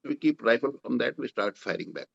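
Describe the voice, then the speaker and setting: Telling war stories in an interview, an older man with an Indian English accent acts out the dialogue with growing intensity. His mid-range voice is creaky, animated and fairly quick, and the recording is muffled.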